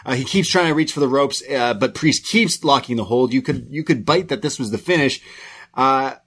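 A man's voice: medium pitch, moderate pace, a bit bright, breathy edge. Easygoing male wrestling recap host. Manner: rambling play-by-play with frequent restarts. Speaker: podcast co-host reviewing wrestling. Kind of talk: casual recap chat.

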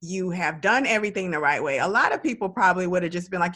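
A woman with a lower voice hosts a podcast interview. She asks long, encouraging questions and often checks in with "right?". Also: animated, quick pace, hardly any pauses, sharp tone. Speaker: podcast host. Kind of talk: interview conversation.

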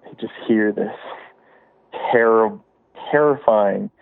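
Calling a show over a tinny phone line, a man tells a spooky story in a meandering, casual way full of fillers and restarts. His voice is lowish, slow and gravelly yet clean, with no echo.

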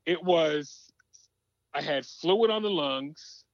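Man, lively rambling storyteller, fairly high voice, dull dry lo-fi sound. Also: slow, dry recording. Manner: rambling, animated storyteller with many restarts. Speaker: show regular. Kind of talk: casual radio chat.

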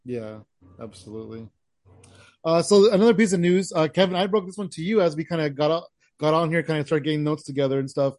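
A man's voice: on the high side, quick pace, a little mellow, dry recording, clean studio sound. A man in his forties hosting a podcast, talking in a laid-back, friendly way. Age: 40s. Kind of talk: casual podcast chat.

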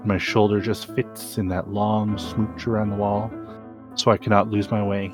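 Man, low voice, dramatic story reading, slow and deliberate, sudden emphatic rises, faint guitar and piano underneath. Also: little pitch movement. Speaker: podcast host reading aloud.

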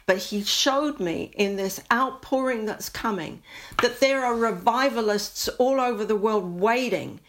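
A woman giving an earnest, impassioned Christian testimony, sometimes dropping to a soft near-whisper when moved. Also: fairly high pitch, measured pace. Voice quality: earnest, prayerful, rising to fervent intensity.

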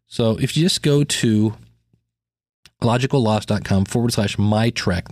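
A man's voice: lowish voice, measured pace, a little mellow, no room sound, studio quality. A man hosting a podcast, talking through a gadget review in a casual, chatty way with fillers and restarts. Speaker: podcast host.

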